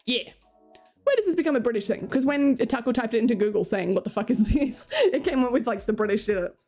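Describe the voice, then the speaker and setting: This is a young woman with an Australian accent, chatting loosely with her stream audience. Her voice sits fairly high and swings widely in pitch as she jokes and rambles. Faint music plays softly behind her. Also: expressive, fast talker. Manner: playful, rambling, laughs often, swears. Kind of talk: casual chat with viewers.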